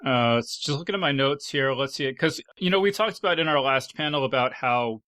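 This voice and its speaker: A man's voice: medium pitch, fairly quick, bright, forceful tone, dry recording. A man hosting a casual panel podcast, chatty and full of fillers, laughing often as he talks. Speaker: podcast host.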